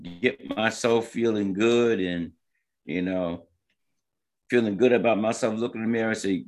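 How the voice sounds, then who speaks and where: A man's voice: on the low side, steady tone, a little slow, a little mellow. A man who is a comedian and co-host, chatting casually on a talk show, joking and repeating his phrases. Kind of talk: casual radio show chat.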